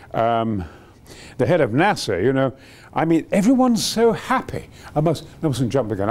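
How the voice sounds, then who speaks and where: A man in his eighties reminiscing in a rambling, digressive and enthusiastic way, jumping between stories. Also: a little high. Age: 80s. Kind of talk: reminiscing storytelling.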